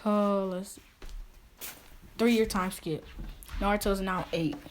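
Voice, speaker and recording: A woman's voice: medium pitch, fairly even intonation, slow pace, a little hiss or hum. A woman improvising a fan story, rambling with many restarts and fillers.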